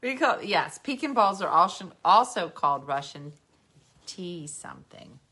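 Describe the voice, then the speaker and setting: A woman's voice: on the low side, big pitch swings, a little slow, bright, forceful tone, breathy edge. A woman with a New Jersey accent hosting a casual podcast chat, a little tipsy and cooing at her dogs. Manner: chatty, talks sing-song to her dogs. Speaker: podcast host.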